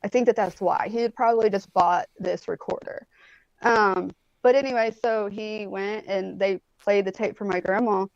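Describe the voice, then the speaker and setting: A woman's voice: medium pitch, fairly even intonation, normal speed, dry recording, highs cut off. Rambling woman in her forties on a call. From Indianapolis, USA. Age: 40s. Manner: rambling storyteller, swears freely, many "like" and "um". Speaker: guest. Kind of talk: casual chat. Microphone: phone or tablet on a video call.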